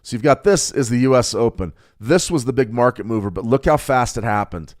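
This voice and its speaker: A man's voice: mid-range voice, expressive, brisk, a little mellow. A man hosting a live market update, talking through charts in a rambling way with frequent stutters and restarts. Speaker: market analyst host.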